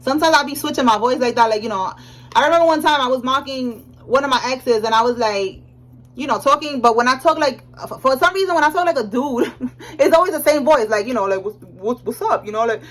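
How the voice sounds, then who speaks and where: A young woman giving a casual tarot reading, animated and slangy, often checking in with "all right?". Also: high-pitched, brisk, low-quality recording. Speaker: tarot reader.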